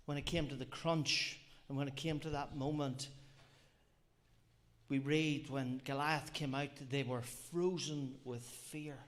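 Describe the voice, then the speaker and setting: A man's voice: mid-range voice, fairly even intonation, unhurried. A man preaching a sermon, earnest and reflective, often repeating phrases and asking rhetorical questions. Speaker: lay preacher.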